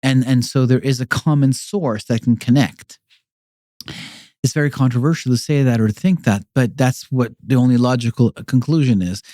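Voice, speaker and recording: Male guest with a warm, relaxed voice and a dry sound; talks loosely, with stops and restarts. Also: medium pitch, normal speed, dry recording. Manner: rambling, with many fillers and repeated restarts. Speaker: podcast guest. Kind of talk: casual explanatory conversation.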